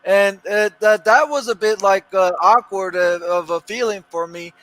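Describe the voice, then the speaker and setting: A man on a casual voice chat who speaks haltingly, with many fillers and restarts. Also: high voice, a bit bright, soft background music, rough recording.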